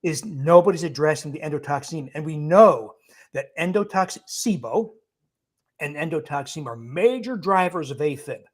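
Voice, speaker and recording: Answering viewer questions as a guest in a live Q&A, a male doctor uses an expressive voice that sits a little high. He explains briskly and emphatically, with frequent chuckles and blunt put-downs of bad advice.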